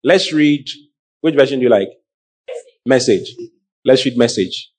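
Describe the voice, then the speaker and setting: A middle-aged man preaching a sermon, calling out to the congregation in an animated way. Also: medium pitch, a little slow, slightly rough. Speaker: pastor.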